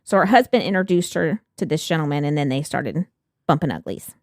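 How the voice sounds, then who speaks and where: Woman, true-crime podcast co-host, lower voice, animated, dry studio sound. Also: a little fast, no echo. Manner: laughs often, swears freely, animated.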